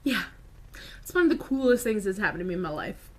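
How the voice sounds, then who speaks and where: A woman vlogger telling a personal story to camera in a casual, animated way, full of "like" and quick asides. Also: medium pitch, a little hiss or hum. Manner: animated, filler-heavy retelling with lots of "like".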